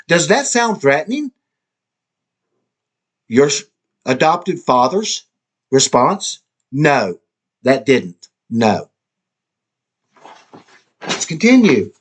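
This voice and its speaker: A man's voice: on the high side, big pitch swings, takes it slowly, pauses often, husky. A middle-aged man speaking straight to his estranged daughter, impassioned and frustrated. He pleads and stammers when upset. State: frustrated, exasperated. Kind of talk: emotional direct-to-camera monologue.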